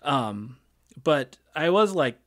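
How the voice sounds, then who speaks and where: A man's voice: on the high side, big pitch swings, slow, a bit bright. A man in his thirties hosting a gaming podcast in casual chat, rambling with many fillers and restarts. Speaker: podcast host.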